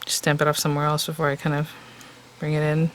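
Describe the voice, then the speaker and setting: In a fast, completely flat delivery, a deep-voiced woman walks through making a card for a relaxed crafting tutorial, thinking aloud and chatting along the way. Her voice is getting tired, and the poor recording carries a little hiss or hum.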